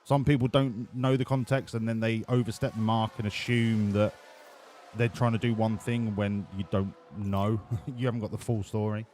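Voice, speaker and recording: A man's voice: fairly low pitch, little pitch movement, moderate pace, a little mellow, slight background noise. A man streaming a game, talking in a crude, rambling, sweary way. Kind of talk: casual gameplay commentary.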